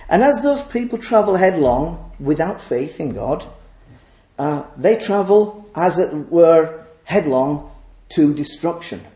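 A man's voice: fairly high pitch, animated, takes it slowly, warm tone. A man preaching a sermon, earnest, painting scenes vividly for his listeners. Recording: echoey room.

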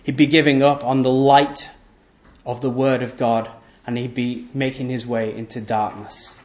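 A man preaching a sermon, emphatic and repetitive, asking rhetorical questions and letting his voice sink low and quiet at the ends of phrases. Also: little pitch movement, normal speed, echoey room. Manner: voice often drops low and soft at the end of phrases.

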